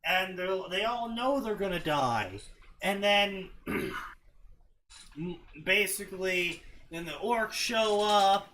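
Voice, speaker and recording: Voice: medium pitch, animated, slow, fairly bright tone, a little hiss or hum. A co-host giving rambling, sarcastic commentary on a fanfiction story in casual chat. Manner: rambling, sarcastic, full of fillers.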